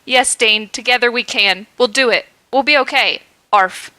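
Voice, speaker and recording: A patient male dog , as a woman reads him, comforts his brother and tacks barks onto his lines. The voice runs a bit high and bright, with a dry, close sound. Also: normal speed, no room sound. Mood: reassuring. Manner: patient, reassuring, adds barks. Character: weary, caring male dog, the older brother.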